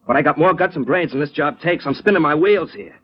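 An actor playing a blunt, streetwise working-class family man in 1940s radio-drama style, with a husky voice, on a lo-fi old broadcast. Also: fairly high pitch. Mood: indignant. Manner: blunt, streetwise slang, quick to bristle.

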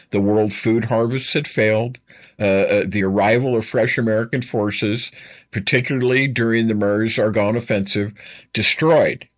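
A man with a fairly low voice lectures on history like a storyteller. He leans hard on his key points, repeating them and urging the listener to stop and think. The delivery is direct and conversational.

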